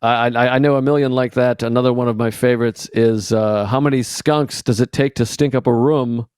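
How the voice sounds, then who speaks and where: A man, a comedian guest on a podcast, chatting casually and telling jokes in a dry, deadpan way. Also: mid-range voice, brisk, clean tone, no room sound. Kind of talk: casual chat.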